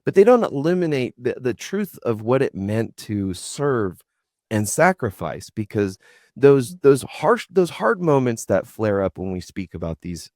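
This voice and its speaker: A man's voice: lowish voice, darkish tone, dry recording, studio quality. A man hosting a talk show, asking long earnest questions and rambling with slangy asides. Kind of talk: casual interview talk.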